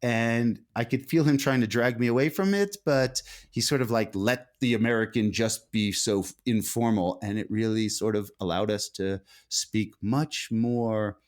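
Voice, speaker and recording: A man's voice: on the low side, normal speed, hardly any pauses. A middle-aged man, an author being interviewed, talking in a thoughtful, meandering way with frequent restarts. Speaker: author, guest. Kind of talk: conversational interview.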